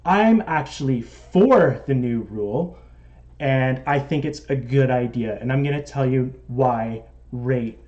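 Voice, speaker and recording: A man's voice: medium pitch, measured pace, a little mellow, dull audio. A man with a Canadian accent hosting a casual live stream, chatting and reading out viewer comments. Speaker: model railroad live-stream host.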